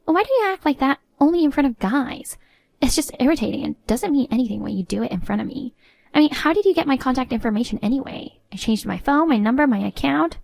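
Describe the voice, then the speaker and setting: A woman's voice: high voice, expressive, fast talker, creaky, darkish tone. A woman narrating a first-person story in an indignant, curt way.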